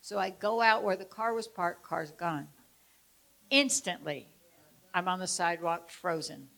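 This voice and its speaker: A woman teaching about traumatic memory, illustrating it with a personal story. She tells it expressively, shifting between loud emphasis and hushed moments. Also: fairly low pitch, lively intonation, unhurried, vocal fry. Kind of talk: personal story within a lecture.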